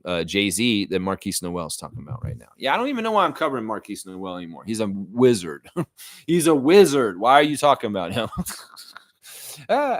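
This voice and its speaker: A man hosting a sports reaction livestream, his pitch swinging widely as he reads chat and vents. He talks casually and slips into profane rants. The sound is dry, with no room echo. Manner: animated, profane ranting. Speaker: livestream host.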